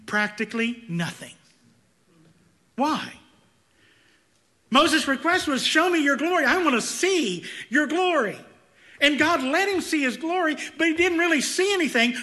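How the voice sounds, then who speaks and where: A man preaching a sermon, swinging between loud emphatic peaks and hushed, intense passages. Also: extremely high pitch. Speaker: pastor.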